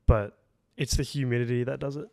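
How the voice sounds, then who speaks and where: A man's voice: mid-range voice, fairly even intonation, brisk, creaky, warm tone, no room sound, clean studio sound. A young man, telling a travel story in a loose, rambling way, full of "like" and casual swearing, on a podcast. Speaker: podcast co-host. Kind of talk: casual chat.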